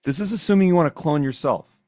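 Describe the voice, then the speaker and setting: A man giving a casual, upbeat screen-share software tutorial, chatty and often checking in with "okay?". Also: fairly high pitch, animated, quick pace, no echo, clean studio sound. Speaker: software trainer. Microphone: desk microphone.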